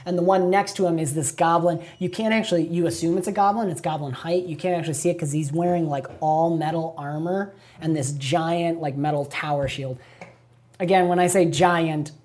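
A woman's voice: deep voice, fairly even intonation, fairly quick, a little mellow. A woman narrating as game master of a tabletop game, chatty and laughing often, with many fillers.

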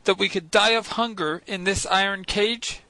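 A man doing a furious harpooner in a storybook reading, shouting his complaints in a high, bright voice. The sound is close and dry, with no room around it. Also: steady tone, normal speed, creaky, no room sound, heavily acted, low-quality recording. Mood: outraged. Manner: angry, loud and indignant. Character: irascible blustering male harpooner, adult.

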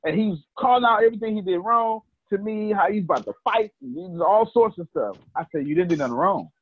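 Guy running a live teaching talk, husky voice, thin phone-line sound, calls folks by name. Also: high voice, brisk, no echo. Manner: animated, colloquial, calls on listeners by name. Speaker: teacher and host. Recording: tinny phone-like dry line.

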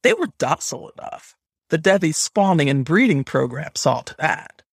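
A man reads a first-person story in a measured audiobook voice. His voice sits a little high and has a husky edge. The recording is close and dry. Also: very animated, no echo. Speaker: audiobook narrator. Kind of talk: scripted first-person narration.

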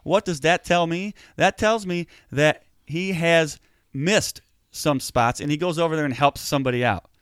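A man co-hosting a casual football talk show, animated and getting heated as he argues his point. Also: on the high side, normal speed, clear, resonant tone, no echo, clean studio sound. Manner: animated, gets heated and emphatic. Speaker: sports podcast co-host.

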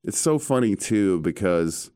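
A man hosting a casual chat, telling stories in an animated way with casual swearing. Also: lowish voice, a little slow, no room sound, studio quality.

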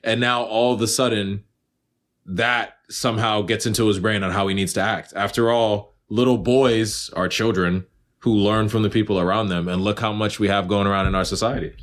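A man co-hosting a podcast in casual chat, animated, profane and teasing. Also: fairly low pitch, moderate pace. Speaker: podcast co-host.

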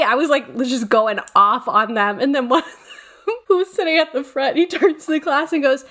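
Young woman podcast co-host, slightly high-pitched, giggly storyteller. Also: moderate pace, a bit bright. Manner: laughs while telling classroom stories. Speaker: podcast co-host, former teacher. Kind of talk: casual chat.

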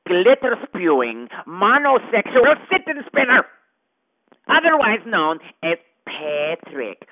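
A man's voice: high-pitched, gravelly, no echo, heavily acted. A man doing a ranting pompous gargoyle on the phone. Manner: theatrical, ranting, wildly swinging delivery. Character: pompous, irate male gargoyle crank caller. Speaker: caller. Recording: tinny dry phone line.

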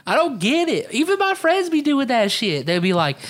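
A man's voice: extremely high pitch, normal speed. A man co-hosting a casual podcast, his voice swinging widely up and down as he jokes. He laughs a lot and acts out what his friends said to him. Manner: animated, profane, laughing, mimics friends. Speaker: podcast co-host.

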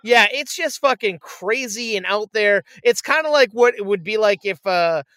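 A man in casual chat, retelling a movie with lively acted-out quotes and frequent swearing. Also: high-pitched, moderate pace, no echo. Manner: animated storyteller, acts out quotes, swears freely. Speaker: podcast co-host reviewing a movie.

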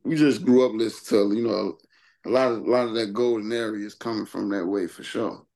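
A laid-back man chatting on a podcast, trailing his sentences with "man". His voice is lowish and gravelly with plenty of fry. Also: steady tone, fairly quick, a little mellow. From South Side of Chicago. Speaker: guest hip hop artist. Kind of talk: casual chat.

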